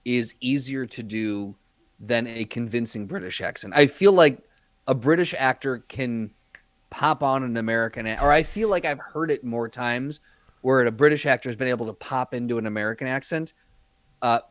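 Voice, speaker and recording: A man's voice: mid-range voice, moderate pace, fairly bright tone, dry recording. A man co-hosting a podcast in casual chat, musing and giving opinions with laughs and swearing. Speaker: podcast co-host.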